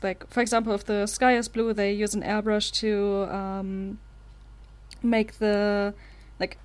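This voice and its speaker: A woman with a mid-range voice co-hosts a casual art podcast. She teases her co-host and jokes around, laughing easily as she talks. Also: medium pitch. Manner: teasing, playful, laughs often. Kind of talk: casual chat.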